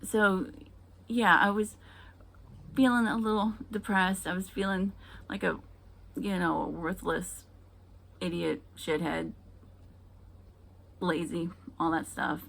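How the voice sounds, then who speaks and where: Husky, gravelly woman doing stand-up. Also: lowish voice, fairly even intonation, slow pace, pauses often. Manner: hesitant, filler-heavy delivery with dry punchlines. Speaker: stand-up comedian. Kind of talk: stand-up comedy set.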